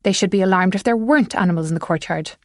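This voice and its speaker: A woman's voice: medium pitch, fast talker, dry recording, close to an everyday voice. A woman voicing a confused older male country vet, distracted and whimsical, in a dry close recording.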